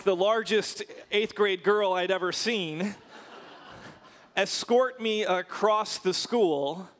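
A man's voice: high-pitched, fairly bright tone, no room sound. A man preaching a sermon, telling a personal story and then explaining a Bible passage in a storytelling manner with frequent fillers and restarts.

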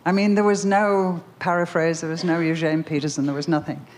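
An older woman giving a Christian talk, telling a personal story in an animated, emphatic way full of questions. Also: deep voice, fairly quick, slight background noise. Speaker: Christian speaker.

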